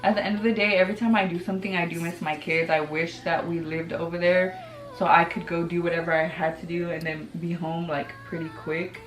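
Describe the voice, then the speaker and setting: A woman's voice: on the low side, level tone, brisk, echoey room, faint music behind, low-quality recording. A woman in her thirties chatting candidly while doing her makeup, full of "like" fillers and casual swearing. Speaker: beauty vlogger. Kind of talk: casual get-ready-with-me chat.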